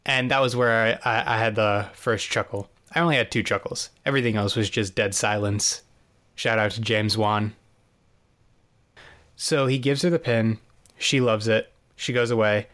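A man's voice: on the low side, steady tone, normal speed, a bit bright. A man co-hosting a podcast, casually recapping a TV episode in a dry, sarcastic way with plenty of fillers and restarts. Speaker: podcast co-host.

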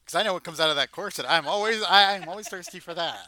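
A guest on a casual comedy podcast who makes deadpan, cheeky jokes. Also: mid-range voice, fast.

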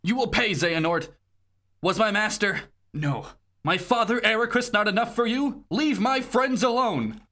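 A man's voice: high-pitched, animated, normal speed, sharp tone, voice pushed up. A man voicing an angry, desperate young male hero, reading game lines in a raised, pleading voice. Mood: furious.

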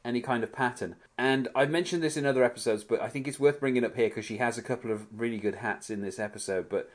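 A man's voice: mid-range voice, quick pace. A man co-hosting a podcast, chatting casually through an episode recap, rambling with lots of fillers and restarts. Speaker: podcast co-host.

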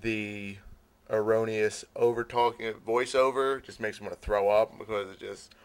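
A man's voice: lowish voice, fairly even intonation, normal speed, clean tone. A man guesting on a podcast, joking around and giving strong opinions in casual chat. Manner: joking, opinionated, self-described big nerd.

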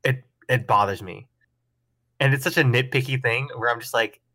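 A man's voice: mid-range voice, moderate pace, pushed and bright. A man hosting a casual sports podcast, chatting in a laid-back way and hedging his opinions with lots of "like". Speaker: podcast host.

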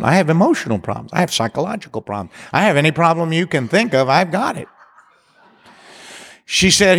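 Pastor guy preaching hard, kinda high voice, big reverby hall sound. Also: husky. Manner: preaching with rising intensity and leading songs. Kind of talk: sermon.

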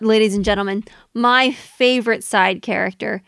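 A woman's voice: medium pitch, moderate pace, gravelly, fairly bright tone, no room sound, studio quality. A woman co-hosting a podcast in casual chat, talking freely with lots of little fillers. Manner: chatty, many fillers, laughs along. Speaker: podcast co-host.

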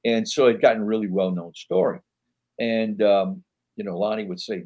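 A man's voice: on the low side, steady tone, moderate pace, a little mellow, highs cut off. A man, a podcast guest rambling through anecdotes with lots of fillers and voicing the people he quotes. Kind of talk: casual interview storytelling.

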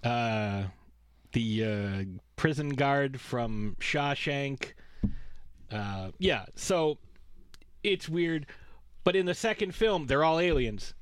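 A man's voice: a little high, lively intonation, slow, a bit bright, clean tone, dry recording. A man co-hosting a podcast in casual chat, rambling and sarcastic, swearing freely as he recaps a film series. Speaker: podcast co-host.

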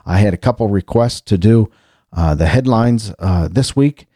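A man's voice: fairly low pitch, expressive, moderate pace, warm tone, no room sound, studio quality. A man hosting a casual solo show, chatting in a rambling way with frequent restarts and asides. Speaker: podcast host.

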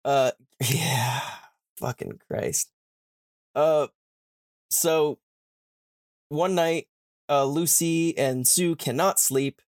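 A man with a slightly high voice hosts a podcast, casually recounting a book's plot with curse words and characters paraphrased in rapid modern slang, irreverent throughout. The audio is clean studio sound without room noise.

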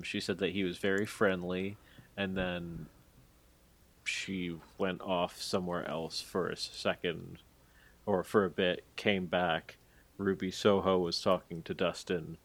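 A man's voice: low-pitched, level tone, slow, long pauses. A man co-hosting a podcast, recapping a story in a rambling, hedging way with lots of fillers. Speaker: podcast co-host. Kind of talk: casual podcast chat.

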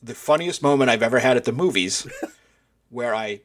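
A man's voice: mid-range voice, expressive, normal speed. A man co-hosting a casual podcast, telling stories with wry, dry asides. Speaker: podcast co-host. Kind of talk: casual chat.

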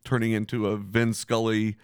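A man's voice: lowish voice, level tone, moderate pace, smooth, no echo, studio quality. A man hosting a sports podcast, bantering bluntly and swearing freely in casual talk. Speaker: podcast host.

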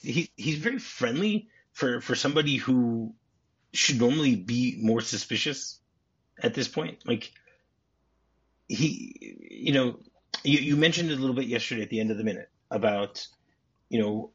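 A male podcast host with a husky voice talks through a movie scene in a relaxed way. He chuckles often and repeats words as he goes. The recording is a bit muffled and lo-fi. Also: mid-range voice, moderate pace. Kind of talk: casual movie discussion.

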